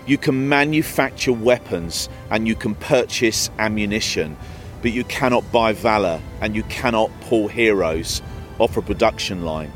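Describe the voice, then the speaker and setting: A man presenting a documentary, narrating from a script in a solemn, measured way. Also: on the low side, animated, faint music behind.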